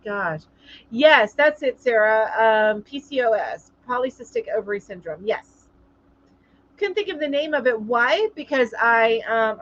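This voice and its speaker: A woman hosts a casual live-stream chat and reads viewer comments aloud. She sounds chatty and sympathetic and often stops on fillers, and her voice sits somewhat high. The audio is dull and lo-fi. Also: fairly bright tone. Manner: chatty, sympathetic, halting with many ums. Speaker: live show host.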